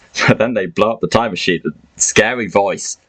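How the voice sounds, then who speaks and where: A podcast host who also serves as game master casually recaps a tabletop game with friends, rambling with lots of fillers and laughing often. His voice is fairly low and a bit bright at a normal speed, and the audio quality is poor.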